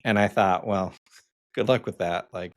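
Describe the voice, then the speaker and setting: A man's voice: on the low side, a little slow. Chatty man telling stories, laughing often. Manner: storytelling with frequent laughs and fillers. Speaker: podcast co-host. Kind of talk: casual podcast chat.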